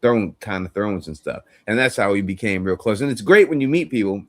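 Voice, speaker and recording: A man's voice: on the low side, expressive, a little fast, no echo, clean studio sound. A man on a podcast, chatting casually and acting out phone calls as he tells a story. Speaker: podcast host. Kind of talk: casual chat.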